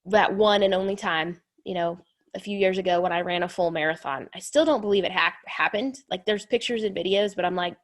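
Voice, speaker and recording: A woman in her thirties hosting a chatty, rambling motivational pep talk with an encouraging tone. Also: mid-range voice. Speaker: host.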